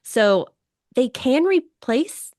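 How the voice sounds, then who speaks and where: A woman's voice: sits high, very animated, extremely slow, a little mellow, no room sound, studio quality. Chatty young woman co-hosting a podcast. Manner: chatty, rambling, with restarts and laughs. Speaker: podcast co-host. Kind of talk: casual chat.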